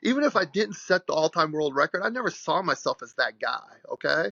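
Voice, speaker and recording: A man in his sixties, a guest strength coach, telling an animated, rambling story in a podcast interview. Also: on the high side, fairly quick, vocal fry, dry recording, muffled recording. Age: 60s.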